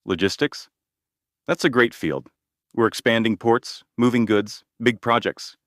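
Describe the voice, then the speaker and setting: A man's voice: mid-range voice, unhurried, fairly bright tone, no room sound, clean studio sound, lightly acted. A man reading the lines of a blunt, boastful older male president, in a direct manner full of superlatives. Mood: insistent.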